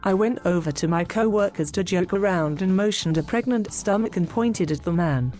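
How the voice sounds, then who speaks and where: Lower-pitched synthetic woman's voice. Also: normal speed, soft background music. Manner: flat, even reading with odd mispronunciations. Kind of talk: text-to-speech reading of viewer stories.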